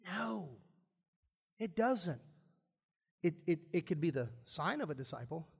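A high-pitched man preaches to his congregation in a church. He speaks with emphasis and keeps posing questions to the room, then answers them himself. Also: animated, a little slow, vocal fry, slightly rough. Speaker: pastor. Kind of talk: sermon.

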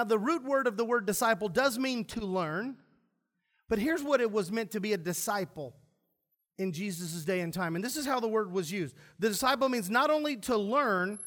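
A man's voice: high voice, a bit bright. A pastor preaching a sermon to his church, emphatic, asking the congregation questions and answering them himself.

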